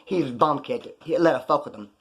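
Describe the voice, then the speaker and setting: A man's voice: mid-range voice, lively intonation, normal speed, a bit bright. A man casually telling rambling, profanity-laced stories with a wry edge. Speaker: vlogger recounting jail stories. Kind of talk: casual storytelling.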